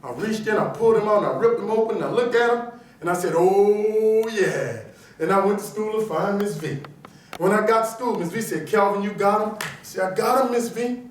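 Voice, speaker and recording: A man with a New Orleans accent, from New Orleans, USA, gives a motivational keynote speech in a large auditorium, animatedly acting out the characters in his stories. His voice is high-pitched and fairly quick. The echoey recording is captured from far off, with a little hiss or hum.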